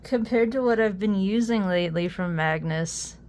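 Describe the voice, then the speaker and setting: A young adult woman chatting casually while unboxing a fidget toy, easily amused and quick to exclaim. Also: mid-range voice, a little mellow.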